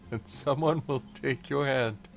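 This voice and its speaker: A man reading a foreign mall maintenance man's broken-English lines flatly, in his own voice. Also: mid-range voice, slow, gravelly, soft background music. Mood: deadpan.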